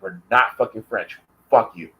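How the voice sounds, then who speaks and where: A man's voice: fairly low pitch, normal speed, fairly bright tone, rough recording. An American man delivering an angry, profane vlog rant, taunting and calling out his target directly. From United States. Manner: profane and confrontational. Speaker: vlogger.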